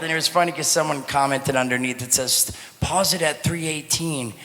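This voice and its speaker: A man's voice: fairly high pitch, normal speed, gravelly, few pauses, fairly bright tone, long reverb tail. A man co-hosting a casual podcast chat, rambling and laughing often. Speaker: podcast co-host.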